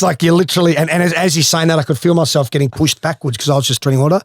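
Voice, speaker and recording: A man's voice: a little high, fast, no room sound. A man with an Australian accent, a former footballer, casually telling a swimming story with laughs and swearing. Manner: animated, swears freely, laughs through stories.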